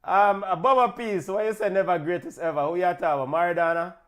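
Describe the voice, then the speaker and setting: A man with a Jamaican accent hosts a casual football watch-along, excitable and eager to shout out names and give big-ups. His voice sits high.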